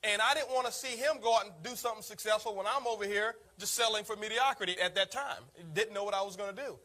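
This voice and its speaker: Fast, bright-voiced energetic male speaker. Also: high-pitched. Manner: energetic, storytelling, addresses listeners as guys. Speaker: network marketing speaker. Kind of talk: motivational talk to an audience.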